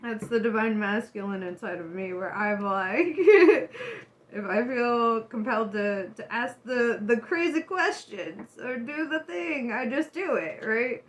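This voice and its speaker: Laughing, chatty high-voiced woman tarot reader. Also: measured pace. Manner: laughs often, swears, chatty and animated. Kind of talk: casual tarot reading to camera.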